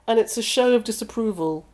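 Woman, English accent, novelist interviewee, reflective, conversational, mid-sentence restarts, middle pitch. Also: a little mellow.

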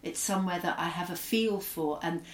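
A woman's voice: fairly low pitch, moderate pace, recorded from a distance. Middle-aged woman with an English accent, roomy sound. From Scotland. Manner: thoughtful, hesitant, with frequent fillers. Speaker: author, guest. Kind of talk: reflective interview conversation.

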